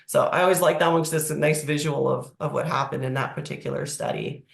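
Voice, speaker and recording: A presenter with a croaky, hoarse voice from a cold, explaining slides in a webinar over a video call. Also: mid-range voice, fairly even intonation, fast. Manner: explanatory, walking through slides. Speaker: agricultural presenter. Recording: echoey room.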